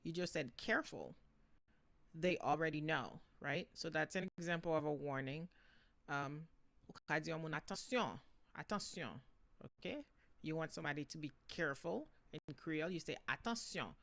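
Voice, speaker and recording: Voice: mid-range voice, steady tone, fairly quick, fairly bright tone. A language teacher giving a casual spoken lesson, switching between languages and checking in often with "okay?" and "right?".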